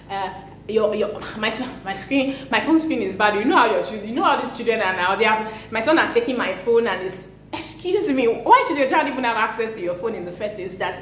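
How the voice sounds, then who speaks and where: A woman's voice: fairly high pitch, animated, a little fast. A young woman, a parenting vlogger, talking to camera about discipline in an earnest, emphatic way. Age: young adult. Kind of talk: casual talk to camera. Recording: echoey room with faint noise.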